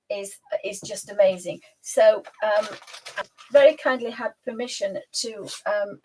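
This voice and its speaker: A woman's voice: on the high side, darkish tone, husky, poor audio. A woman hosting a casual live stream, chatting and cooing at her pet and laughing often. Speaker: host.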